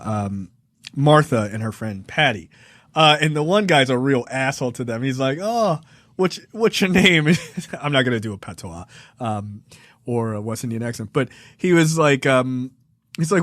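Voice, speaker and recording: Man in his forties, podcast film reviewer, profane, laughing, animated retellings, middle-pitched voice, dry close sound. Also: dry recording. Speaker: podcast co-host. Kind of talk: casual film review chat.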